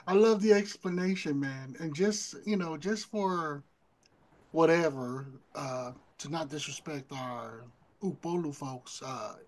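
A man's voice: on the high side, takes it slowly, poor audio. A man with an American Samoan accent hosting a podcast, talking easygoing and offering friendly disclaimers. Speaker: podcast host. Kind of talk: casual chat.

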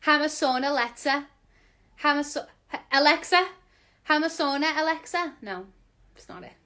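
A woman's voice: high-pitched, normal speed, sharp tone. A woman with a Scouse accent, playing a word-guessing game into her phone at home, laughing and exclaiming as she goes. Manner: laughing, exclaiming, playful swearing. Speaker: musical theatre performer. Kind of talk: casual selfie video game.

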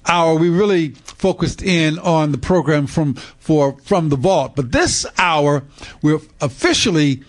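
A man's voice: fairly high pitch, animated, a little slow. A man hosting a radio health show, enthusiastic and casual, often repeating words as he looks for them. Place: radio studio.

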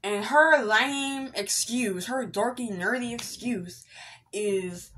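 A woman's voice: medium pitch, a little slow, fairly bright tone, breathy edge. A young woman vlogger telling an indignant, slangy story in a casual rant.

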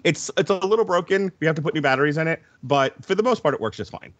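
A man's voice: fairly high pitch, expressive, fast talker, fairly bright tone. A man co-hosting a podcast in casual chat, joking and rambling, with a little swearing. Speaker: podcast co-host. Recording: dull lo-fi sound.

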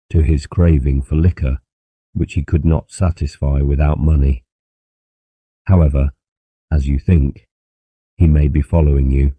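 A man's voice: very deep voice, warm tone, no room sound. A man playing a grave, calculating ship captain who speaks formally in an audiobook.

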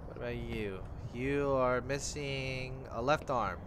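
A man's voice: mid-range voice, slow pace, hardly any pauses, background noise. A man giving casual let's-play commentary on a horror game, talking to himself and swearing when startled. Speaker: gamer playing a horror game.

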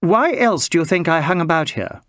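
A man playing a cool, brisk Englishwoman doctor with a crisp English accent and a curt, sardonic manner. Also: fairly low pitch, sing-song, no room sound, clean studio sound, pitched above the performer's own voice.

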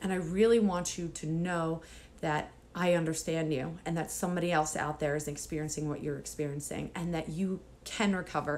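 A woman's voice: sits low, a little mellow, a little hiss or hum. A woman speaking to camera as a mom coach, nervous and emotional, close to tears with nervous laughs, then earnest and encouraging toward other moms. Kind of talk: personal vlog talking to camera.

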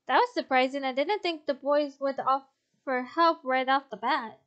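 A woman's voice: high-pitched, fairly even intonation, moderate pace, a bit bright. A woman playing a visual novel, reading its text aloud and commenting, often breaking into giggles. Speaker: game streamer.

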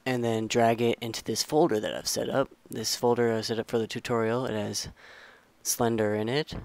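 A man's voice: medium pitch, moderate pace, creaky, no room sound. A young man giving a casual, rambling game modding tutorial, often correcting himself as he walks through the steps. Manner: rambling, self-correcting, relaxed instructions. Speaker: tutorial maker.

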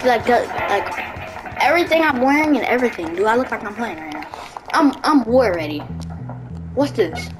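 A high-voiced woman rattles off excited gameplay commentary, her voice leaping up and down as she trash-talks the characters on screen. She shouts at the game in bursts. Loud game music plays steadily under her voice. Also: normal speed, low-quality recording. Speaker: gaming video creator.

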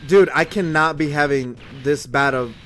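A young man hosting a mobile game channel, giving casual, excitable commentary while pulling summons, swearing often and swinging from gloomy muttering to shouting. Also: on the high side, moderate pace, a little hiss or hum.

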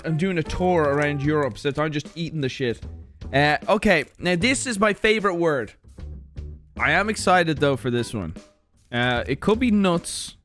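A man's voice: fairly high pitch, a bit bright. Rambling Irish man reviewing snacks. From Ireland. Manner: rambling, jokey, mock-defensive outbursts. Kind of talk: casual snack review vlog.

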